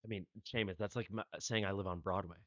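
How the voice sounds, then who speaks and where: Here a deep-voiced American streamer talks fast in a steady, fairly bright tone, rambling through casual stories and often starting over mid-thought. There's no room sound; the audio is dry, dull, and low-fidelity.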